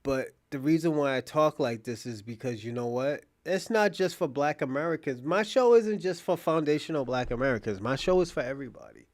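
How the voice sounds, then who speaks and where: A man's voice: a little high, lively intonation, fairly quick, hardly any pauses. A man hosting his own show in casual live-stream commentary, speaking bluntly and profanely, addressing a viewer directly, and restarting phrases as he thinks aloud. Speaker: show host.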